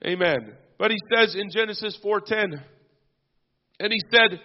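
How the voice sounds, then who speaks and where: A man's voice: sits high, unhurried. A man preaching a sermon as pastor, punctuating his points with amens and hallelujahs. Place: church sanctuary. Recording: dull lo-fi sound with long church reverb.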